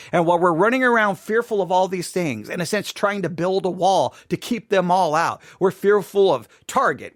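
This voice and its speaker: Man, Bible teacher, high voice, very lively pitch, dry close sound, earnest and emphatic, repeats himself. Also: no room sound. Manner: earnest, emphatic, with frequent repetitions and restarts.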